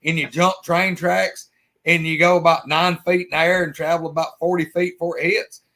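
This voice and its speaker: A man co-hosting a live stream, telling folksy stories in an animated way. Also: on the high side, brisk. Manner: animated yarn-spinner, folksy. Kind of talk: casual storytelling chat.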